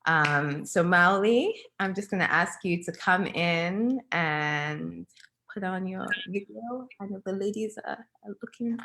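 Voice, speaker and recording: A young woman hosting an online talk over a video call, speaking in a friendly way with many pauses. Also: fairly low pitch, sharp tone, rough recording. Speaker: host.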